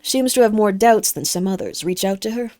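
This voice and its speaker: A woman streaming a game from home, reading game text aloud and chatting with viewers, animated and full of "like". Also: mid-range voice, brisk, dry recording. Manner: chatty, animated, says "like" a lot.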